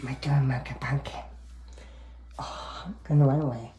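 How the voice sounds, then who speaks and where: A woman's voice: extremely low pitch, steady tone, normal speed, warm tone, a little hiss or hum. A woman at home talking baby talk to her cats, cooing in a sing-song voice full of pet names. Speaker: cat owner filming her pets. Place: home indoors.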